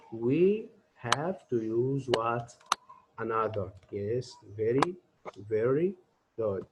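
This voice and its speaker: Speaking in a mid-range voice, a man delivers an English grammar lesson at a deliberate pace, asking his students questions he then answers himself, against a noisy background.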